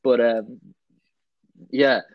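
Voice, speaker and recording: A man's voice: medium pitch, very slow, no echo, lo-fi sound. Young man, casual storytelling. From Ireland. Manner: laughing storyteller, animated when quoting people. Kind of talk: casual chat.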